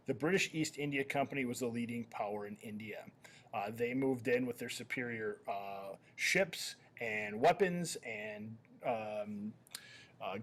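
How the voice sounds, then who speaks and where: A man of middle pitch gives a history lesson over slides. He keeps an easy, conversational tone, fills his pauses with "uh" and "um", and now and then corrects himself partway through a sentence. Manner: conversational, many "uh" and "um" fillers, self-correcting. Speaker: history teacher. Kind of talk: recorded slideshow lecture.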